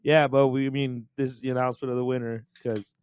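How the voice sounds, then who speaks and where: A man co-hosting a podcast in casual chat, high and laughing a lot, calling everyone bro and dog. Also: flat delivery, fast, a little mellow, clean tone, no room sound. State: high from smoking. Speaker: podcast co-host. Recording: dull dry lo-fi sound.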